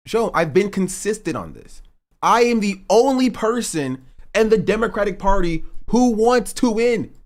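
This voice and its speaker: Man, livestreamer, casual political commentary, emphatic, repeats himself, swears, pitch swings widely. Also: expressive, a little slow. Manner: emphatic, repeats his points; swears freely.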